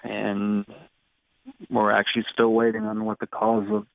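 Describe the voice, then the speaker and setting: A man in his thirties tells his own story in an interview, halting and restarting often. His voice has a gravelly edge. The recording is tinny and narrow like a phone line, with no room sound. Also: lowish voice, monotone, no echo. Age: 30s. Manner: halting, many fillers and restarts. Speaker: guest.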